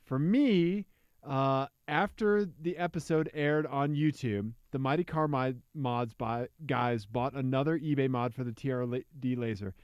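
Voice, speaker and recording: A man's voice: mid-range voice, unhurried, darkish tone, smooth, no room sound, muffled recording. A young man from Missouri co-hosting a car podcast, joking around as he reads listener submissions aloud. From Missouri, USA. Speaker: podcast co-host. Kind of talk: casual podcast banter.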